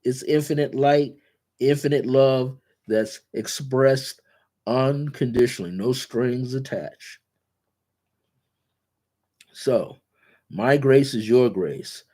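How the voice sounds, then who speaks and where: A man hosting a guided spiritual talk, speaking in repetitive, incantatory affirmations and slowing down on key words. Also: mid-range voice, dark tone. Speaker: spiritual teacher and show host.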